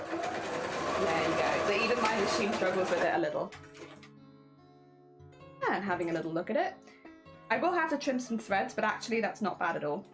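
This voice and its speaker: A woman streamer chatting casually while she sews, talking to her sewing machine, with machine noise and music behind her. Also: medium pitch.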